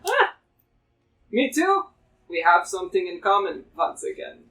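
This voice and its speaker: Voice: medium pitch, sing-song, unhurried, sharp tone, far from the mic, heavily acted. A game master voicing a scheming former enemy warrior, a man with a Russian accent who talks in a smug, mock-friendly, menacing way.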